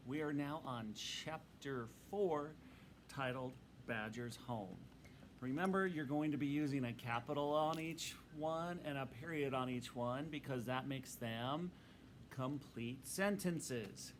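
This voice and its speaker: A man reading a storybook aloud to his students in a patient, instructive and expressive way. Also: medium pitch, a little slow, a little hiss or hum, low-quality recording.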